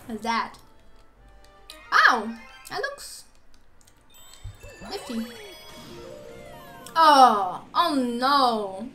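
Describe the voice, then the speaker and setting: High, lively young woman gaming. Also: drawn-out words, long pauses. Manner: chatty, rambling, bursts into squeals and laughs. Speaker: let's play gamer. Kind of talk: casual gameplay commentary. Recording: faint game music behind.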